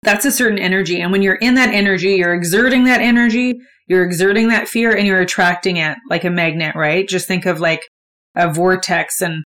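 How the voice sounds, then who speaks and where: A woman's voice: fairly low pitch, fairly even intonation, brisk, fairly bright tone. Candid, swearing woman podcaster. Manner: candid, swears freely, conversational. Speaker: podcast host. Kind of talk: solo motivational podcast talk.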